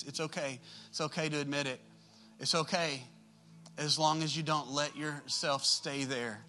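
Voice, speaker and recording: A male pastor preaching to a congregation in church, his voice very bright and tense and pitched a little high. He addresses the room directly and conversationally, with loud emphatic bursts that drop into soft asides. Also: moderate pace, soft background music. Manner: animated, swinging from loud emphatic outbursts to quiet soft asides. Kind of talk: sermon. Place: church service with a live congregation.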